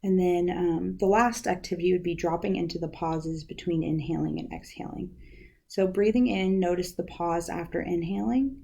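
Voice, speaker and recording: A woman's voice: on the low side, normal speed, vocal fry, breathy edge. A young woman working as a university outreach specialist, giving a casual guided lesson on counseling skills with many ums and likes. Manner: relaxed, uses many fillers like "um" and "like".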